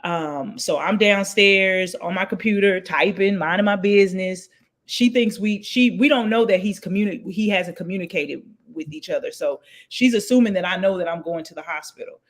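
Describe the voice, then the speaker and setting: A woman in her forties, a guest, telling a personal story in an interview and acting out the voices of the people in it with big jumps in pitch. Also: normal speed.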